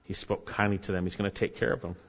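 A man's voice: fairly low pitch, steady tone, quick pace, a bit bright. A man preaching a sermon as pastor, earnest, with rising emphasis and asides to the congregation. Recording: dull, hall reverb.

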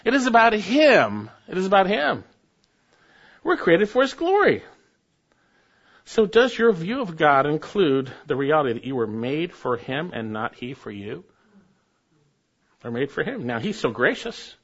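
A man's voice: big pitch swings, unhurried, long pauses, husky. Emphatic preaching man, muffled sound. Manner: emphatic preaching with sharp rises in pitch and loudness, reading scripture aloud. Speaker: pastor. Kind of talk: sermon.

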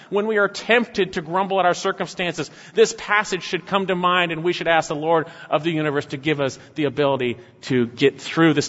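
A man's voice: on the high side, a bit bright. A man preaching an expository sermon as a pastor, emphatic and pressing his point with repeated rhetorical questions that end in "right?". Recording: echoey hall, slightly dull sound.

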